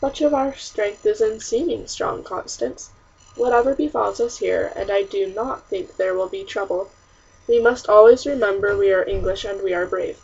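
A woman voicing a kind, practical colonial woman who speaks gently and soothingly. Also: mid-range voice, moderate pace, creaky, husky. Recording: distant, muffled audiobook recording.

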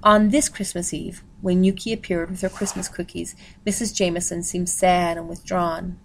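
A woman reading a novel aloud at a steady pace, pausing to announce page numbers. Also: on the low side, vocal fry, a little hiss or hum. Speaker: reader.

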